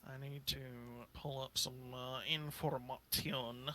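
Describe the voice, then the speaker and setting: A man's voice: mid-range voice, level tone, slow, pushed and bright. A man running a tabletop game as dungeon master, chatting in a fumbling, self-deprecating way. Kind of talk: casual tabletop game chat.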